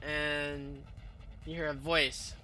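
A male game master narrating a tabletop game. He rambles and restarts often, filling pauses with "um" and "uh". His voice is very bright and a touch high, with a faint hiss underneath. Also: level tone. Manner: rambling, full of fillers and restarts.

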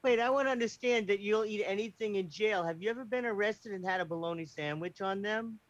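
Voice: medium pitch, quick pace, dry recording, lo-fi sound. A podcast guest asking joking, curious questions in casual chat.

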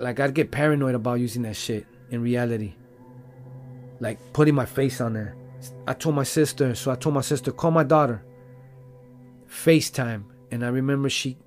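A man's voice: medium pitch, darkish tone. A man, a rapper, telling a personal story in a loose, rambling, casual way with lots of fillers and swearing.

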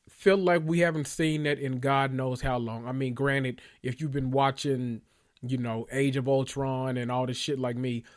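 Gushing, foul-mouthed podcast host man. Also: medium pitch. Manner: excitable and gushing, swears freely; rambling, self-correcting. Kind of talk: casual podcast rant.

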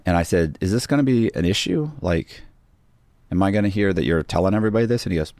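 A man's voice: deep voice, lively intonation, quick pace, a little mellow, no echo. A middle-aged man, a podcast guest, telling a story casually with restarts and acted-out quotes of other people. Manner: rambling, restarts, acts out quoted dialogue.

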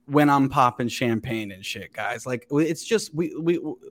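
A man chatting casually on a podcast, an animated storyteller who swears freely. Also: medium pitch, normal speed. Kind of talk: casual chat.

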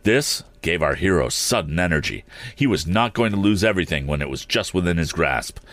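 A man narrating an adventure story aloud at a steady pace, with small slips that he corrects as he goes. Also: deep voice, a little fast, dry recording. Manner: steady reading with occasional slips and restarts. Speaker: audiobook reader.

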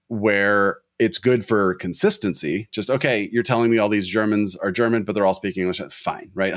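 A man with a lowish voice talks through his ideas in a casual, rambling way, analytical with a wry edge. His voice is recorded close and dry, with no room sound. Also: no room sound. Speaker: film podcast co-host. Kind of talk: casual discussion.

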